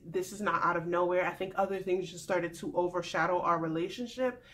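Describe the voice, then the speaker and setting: A woman imitating an earnest young man who pleads softly and insistently. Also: lowish voice, steady tone, brisk, pitched below the performer's own voice, lightly acted. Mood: pleading.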